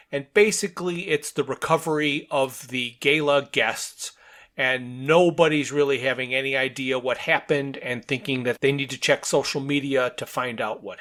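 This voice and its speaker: A man co-hosting a casual comic book podcast, speaking at an unhurried, slow pace in a mid-range voice. He walks through the panels one by one and reads the dialogue aloud, often breaking into laughter. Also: mid-range voice, fairly bright tone. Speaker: podcast co-host.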